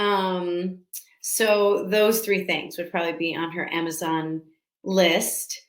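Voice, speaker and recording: An actress answering fan questions at a casual virtual panel from home, talking in a chatty, scattered way with lots of restarts and laughs. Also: female voice, fairly low pitch, level tone, slow. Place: room at home. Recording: echoey room.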